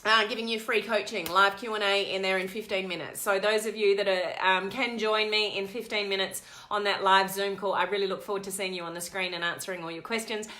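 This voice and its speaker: A woman coach talking live to her online community, telling a digressive story in an animated way. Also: mid-range voice, brisk, few pauses. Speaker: network marketing coach. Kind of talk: live-stream chat to viewers.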